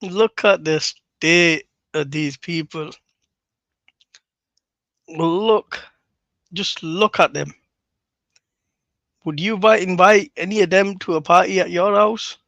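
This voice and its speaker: A man's voice: high-pitched, slow, creaky, pauses often, fairly bright tone, no room sound. Mocking man streaming live. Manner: mocking, blunt and profane. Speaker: livestream host. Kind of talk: casual livestream commentary.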